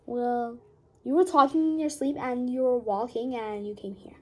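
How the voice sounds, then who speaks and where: A woman voicing a calm, caring mother in a toy animal family, patient and gently reassuring. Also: fairly high pitch, moderate pace, close to an everyday voice. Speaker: toy storyteller voicing all the figures.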